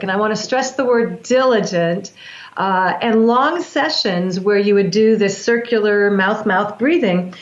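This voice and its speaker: The guest is a woman of medium pitch who speaks unhurriedly, captured in a roomy, dull lo-fi recording. She practices breath work and explains it on an interview show with earnest, teacherly care and frequent restarts.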